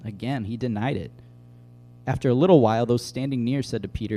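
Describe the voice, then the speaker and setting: A man preaching as a pastor, explaining scripture in a relaxed conversational way and telling everyday stories to make his point. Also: mid-range voice, quick pace, faint music behind. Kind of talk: sermon.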